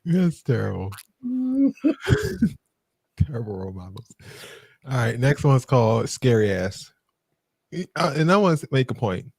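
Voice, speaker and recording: A man's voice: medium pitch, sing-song, a little slow, vocal fry, pauses often, a little mellow, husky, no room sound, studio quality. A man hosting a casual podcast, joking and laughing often as he reacts to viral clips. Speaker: podcast host.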